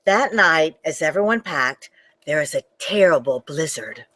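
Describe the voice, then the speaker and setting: A woman librarian reading a picture book aloud to children, animated and talking to them directly. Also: deep voice, unhurried. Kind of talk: children's storytime read-aloud.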